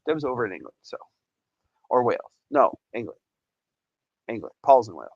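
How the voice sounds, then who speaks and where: A man's voice: mid-range voice, sing-song, brisk, pauses often, darkish tone, slightly rough, dry recording, dull audio. A man hosting a casual livestream, chatty and rambling, laughing often and reading out chat messages. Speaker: livestream host.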